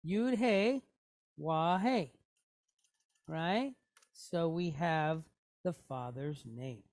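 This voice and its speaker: A woman's voice: low-pitched, extremely slow, a little mellow, dry recording. A woman teaching a Hebrew reading lesson, going step by step and checking in often with her students. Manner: patient, step-by-step, checking in with "okay? right?". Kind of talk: classroom lesson.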